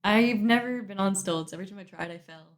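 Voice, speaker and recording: A woman's voice: mid-range voice, fast. Giggly woman co-hosting a podcast. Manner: giggly, laughs often while talking. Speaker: podcast co-host. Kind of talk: casual chat. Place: home.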